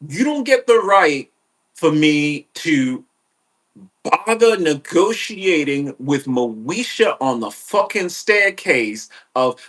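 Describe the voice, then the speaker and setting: Animated profane man ranting, bright voice. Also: fairly high pitch. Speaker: podcast host. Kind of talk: ranting monologue.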